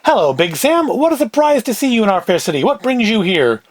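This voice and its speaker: A man's voice: sits high, big pitch swings, brisk, no echo, voice pushed up. A man voicing a small, nervous male gambling fixer from New York in a cold-read of a script; he pleads in a jittery, wordy way. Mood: pleading.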